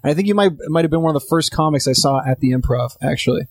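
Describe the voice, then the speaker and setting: Rambling fast-talking comedian, dry sound. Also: male voice, a little high, no echo. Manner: rambling, full of "like" and restarts. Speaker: guest comedian. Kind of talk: casual podcast banter.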